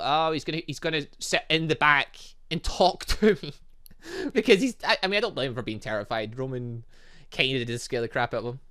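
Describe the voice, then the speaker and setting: A let's play host talks through a visual novel, reading the lines aloud and reacting to them, often stopping to correct themselves mid-sentence. The voice is bright and forward, and the pitch jumps up and down a lot. The reactions come quickly and sound unscripted. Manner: animated, self-correcting, laughs and swears in reaction.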